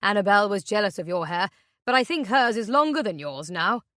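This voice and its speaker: A woman's voice: mid-range voice, expressive, a little fast, no echo, clean studio sound. A woman reading an audiobook, voicing a menacing middle-aged man who mocks and threatens his captives. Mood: mocking. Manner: sinister, mocking, shouting.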